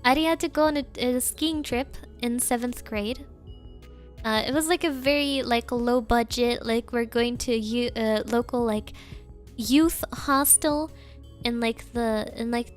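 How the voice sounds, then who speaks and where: High-voiced, slow-talking woman streamer. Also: fairly even intonation, faint music behind. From Germany. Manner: rambling, full of "like" and giggles. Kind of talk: casual chat.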